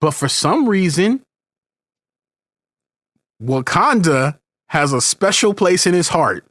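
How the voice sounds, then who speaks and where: A man's voice: high voice, big pitch swings, slow, a bit bright, no room sound, clean studio sound. A man co-hosting a podcast, chatting casually as a parent and wandering off on tangents. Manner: rambling, many restarts and tangents. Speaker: podcast co-host. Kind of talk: casual conversational podcast chat.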